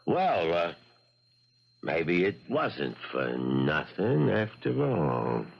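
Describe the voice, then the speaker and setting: A gravelly, drawling ex-army buddy. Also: male voice, low voice, wildly swooping pitch, soft background music, heavily acted. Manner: slow, folksy, probing. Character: drawling male ex-army buddy, probing visitor. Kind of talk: 1970s radio drama acting. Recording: dull old radio broadcast.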